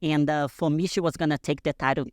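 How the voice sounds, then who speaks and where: A woman's voice: sits low, fairly even intonation, quick pace, darkish tone, dry recording. Woman, 30s, talking casual on a podcast, lots of "like" and "you know", dry close mic. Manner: chatty, many fillers. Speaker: guest. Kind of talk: casual interview chat. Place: studio, podcast.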